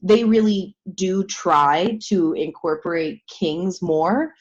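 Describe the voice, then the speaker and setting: A woman's voice: on the low side, takes it slowly. A woman who performs as a drag king, chatting casually as a guest, hesitant and laughing often. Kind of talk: casual chat. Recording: muffled lo-fi audio.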